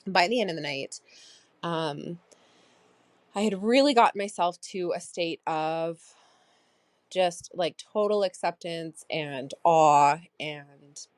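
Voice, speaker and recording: A woman's voice: on the low side, slow, dry recording. A woman in her thirties hosting a personal diary podcast, reflective and rambling with many fillers. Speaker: podcast host.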